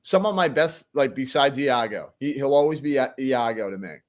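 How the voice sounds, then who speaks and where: A man's voice: mid-range voice, animated, normal speed. Laid-back man, casual co-host. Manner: laid-back, says dude and man a lot. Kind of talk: casual chat.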